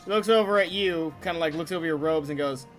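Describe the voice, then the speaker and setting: A man narrating a tabletop game as game master in an animated way, with frequent fillers. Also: a little high, quick pace, soft background music.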